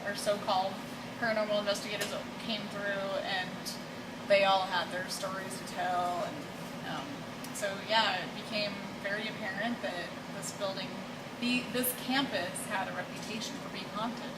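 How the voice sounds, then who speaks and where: A woman who runs a haunted house, answering interview questions about her building in a measured, conversational way with easy laughs. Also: mid-range voice, fairly even intonation. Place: old school building, indoors. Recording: echoey room, distant mic, loud background noise.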